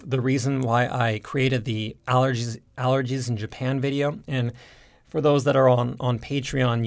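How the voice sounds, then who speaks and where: A man talking through a stuffed-up nose from allergies, explaining at an easy, rambling pace with lots of fillers. His mid-pitched voice carries a gravelly edge. He sounds like a language teacher chatting to his viewers. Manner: relaxed, rambling, frequent fillers and restarts. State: stuffed up nose from hay fever. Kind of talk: casual explanatory talk to camera.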